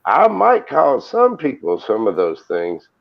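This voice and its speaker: Slow, drawling man. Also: mid-range voice, huge pitch swings, vocal fry. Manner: joking and profane, drawn-out. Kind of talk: casual live-stream chat. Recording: muffled lo-fi live-stream audio.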